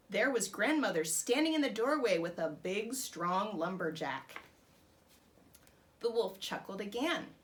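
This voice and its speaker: Storytime host: woman reading a children's book aloud, lively and expressive, fairly high voice. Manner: expressive and animated. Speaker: storytime host dressed as a princess.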